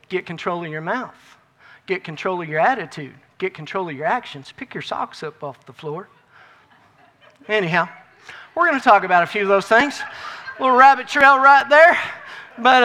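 A middle-aged man with an extremely high-pitched voice preaches a folksy, emphatic sermon. He swings between loud bursts and quiet asides.

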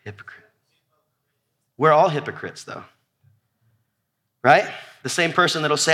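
Um homem pregando um sermão animado a uma congregação, alternando entre listas quase sussurradas e apelos em voz alta à plateia. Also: male voice, fairly high pitch, moderate pace, long pauses. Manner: animated preaching, drops to near-whisper on repeated lists, calls out to congregation. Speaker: pastor. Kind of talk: sermon. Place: church before a congregation.

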